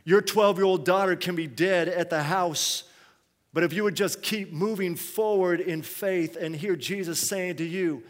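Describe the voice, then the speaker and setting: A high-pitched man preaches in a long-echoing hall. He drops to hushed phrases and then climbs to loud, pressing ones. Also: unhurried. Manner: preaching with swings between quiet and loud. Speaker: pastor. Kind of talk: sermon.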